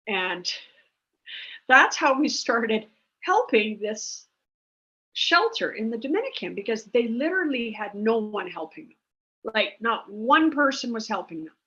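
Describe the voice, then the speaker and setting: A dog rescue founder, appearing as a guest, rambles through a story about rescuing dogs, chatty and casual with plenty of fillers. Her voice is a little high, pushed and bright, and the lo-fi recording sounds dull.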